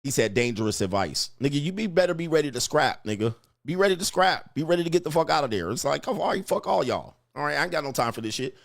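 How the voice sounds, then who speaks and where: A man's voice: on the high side, very animated, fast, creaky, few pauses, no echo. Blunt, profane man ranting dry. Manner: blunt, crude, preachy, mocking. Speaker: dating advice host. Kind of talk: profane commentary rant reacting to comments.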